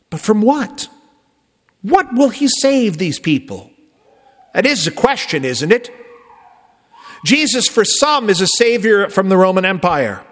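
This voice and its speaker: Male pastor, fairly high voice with a lot of pitch movement, conversational sermon, long church reverb. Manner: conversational preaching with sudden emphatic rises and soft drops. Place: church sanctuary.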